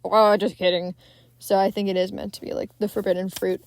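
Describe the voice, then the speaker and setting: A young woman hosts a podcast, recapping a film in a loose, rambling way, full of fillers, free swearing and frequent laughs. Her mid-range voice is fast and level in tone, warm with a creaky edge.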